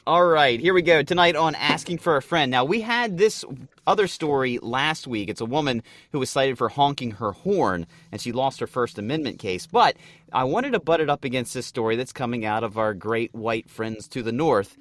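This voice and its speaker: A man co-hosting a comedy podcast, telling news stories in an animated way, with swearing and mock voices. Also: medium pitch, moderate pace. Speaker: podcast co-host. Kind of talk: casual comedic podcast chat.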